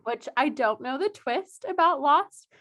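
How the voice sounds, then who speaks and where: This is a young woman with a high voice, co-hosting a casual podcast chat. She tells her stories with lots of energy, slips into quoted voices and laughs often. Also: expressive, a little slow, fairly bright tone. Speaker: podcast co-host.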